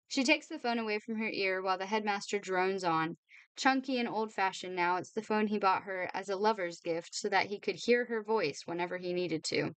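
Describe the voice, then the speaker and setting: A woman reading a novel aloud for her channel, informal and brisk. She trips now and then and corrects herself. Her voice is smooth and clear, recorded close and dry. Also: mid-range voice, no echo. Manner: brisk reading with slips and apologies. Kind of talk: read-aloud novel narration.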